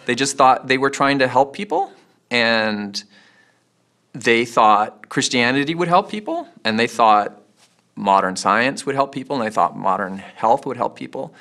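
A man with a gravelly, sharp-edged voice speaks in a documentary interview. He explains plainly, repeating his phrasing as he goes. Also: mid-range voice, lively intonation, a little slow.

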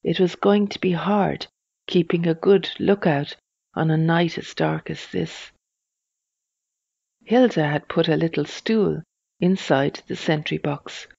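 A reader telling a children's storybook in a slow, even storytelling manner. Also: mid-range voice, vocal fry, no room sound, lo-fi sound.

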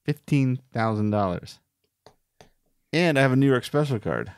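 A man bantering over a board game, complaining with sarcastic jabs. His voice leaps around in pitch as he talks. The sound is close and dry, with no room echo. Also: expressive, moderate pace, clean tone. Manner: sarcastic, grumbling commentary. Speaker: board game show co-host. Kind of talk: casual play-through banter.

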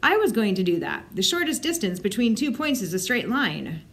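A woman's voice: mid-range voice, very animated, normal speed, a bit bright. A woman voicing a know-it-all older brother who talks in a matter-of-fact, slightly smug way.

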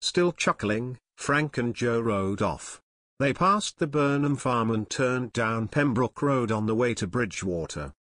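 A man narrates a full audiobook in a steady, scripted storytelling voice. His pitch sits in the middle range. The recording is dry and close, with no room sound. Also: unhurried, no room sound.

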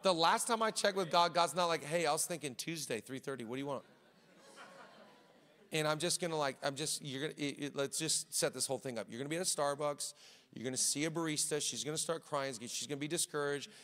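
A man's voice: on the high side, quick pace, sharp tone. A man preaching a sermon as pastor, telling stories with animation and acting out quoted voices. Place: large church auditorium. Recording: echoey church hall.

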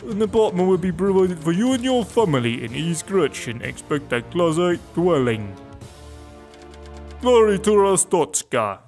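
Stern male Soviet-type official, put on by a man in a mock Russian accent; solemn and proclaiming, pitched up. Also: very animated, a little slow, darkish tone, soft background music, exaggerated voice.

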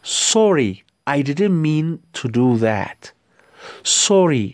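A man with an Ethiopian accent, a native Amharic speaker, teaching English by slowly and carefully repeating model phrases. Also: fairly high pitch, very animated, dry recording. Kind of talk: language lesson.

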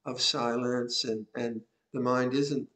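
An older man, a Buddhist monk, giving a gentle, reflective Dhamma talk with soft laughs and repeated phrases. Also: mid-range voice, steady tone, takes it slowly. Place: monastery hall.

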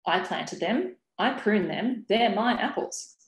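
A woman's voice: mid-range voice, expressive, takes it slowly, voice pushed up. A woman reading aloud from her own novel and voicing a hostile elderly village woman who snaps and hisses her accusations. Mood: indignant. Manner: sharp, hissing, snapping accusations. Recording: roomy webinar audio.

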